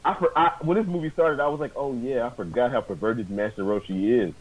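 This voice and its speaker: A man's voice: medium pitch, brisk, dull audio. A man co-hosting a casual movie review chat, blunt and swearing freely, often stammering on restarts.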